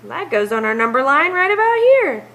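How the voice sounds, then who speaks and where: A woman's voice: high-pitched, big pitch swings, moderate pace, fairly bright tone, rough recording. A woman teacher walking through math homework problems, counting aloud step by step.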